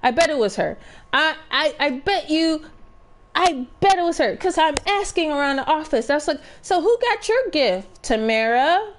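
Animated, cursing woman gamer. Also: high-pitched, normal speed. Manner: animated, profane, stammering restarts. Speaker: gaming streamer. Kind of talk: casual storytelling while playing.

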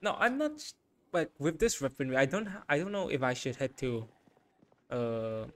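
Through a very noisy recording, a young man with a mid-range voice gives frantic gameplay commentary as a gaming YouTuber. He panics and repeats short phrases again and again.

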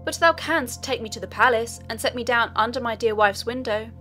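A woman's voice: on the high side, a little fast, sharp tone, soft background music. A woman voicing Aladdin, a desperate, earnest young man, in a pleading, urgent way.

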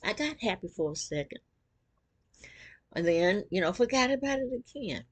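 A woman vlogger telling a personal story to camera, animated and acting out quotes. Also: mid-range voice, normal speed.

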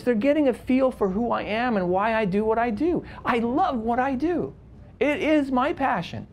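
A man's voice: sits high, slight background noise. A man, a wedding photographer, teaching a live workshop to a room full of people, speaking with passion and emphasis. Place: room with an audience.

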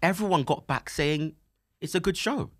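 A man in his twenties hosting a casual chat show, lively and laughing easily, and softer when he speaks of personal loss. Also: fairly high pitch, normal speed. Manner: animated, laughs easily, turns soft and emotional when talking about grief. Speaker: podcast host. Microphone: studio microphone.

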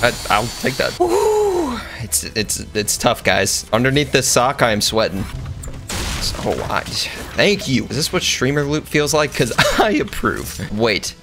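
Young male streamer, jokey play-by-play over a game, lively up-and-down delivery, music bed behind. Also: measured pace. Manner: goofy, excitable, jokey with sudden high-pitched yelps. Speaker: gaming streamer. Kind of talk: casual gameplay commentary. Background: background music.

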